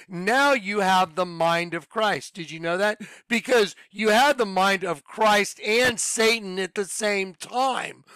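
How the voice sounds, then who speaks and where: Excitable high-voiced man preaching. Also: clean tone, no echo. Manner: excitable, rambling, laughs at his own points. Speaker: online preacher. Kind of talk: informal video sermon.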